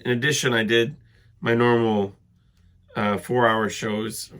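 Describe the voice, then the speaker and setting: A middle-aged man hosting a casual solo podcast while sick and congested, rambling with many fillers and clearing his throat. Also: medium pitch, a bit bright. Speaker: podcast host.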